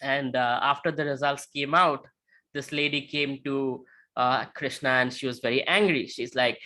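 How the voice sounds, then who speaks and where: A man giving a lecture with slides, talking conversationally and often checking in with a quick "right?". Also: medium pitch, pushed and bright. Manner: tells illustrative stories.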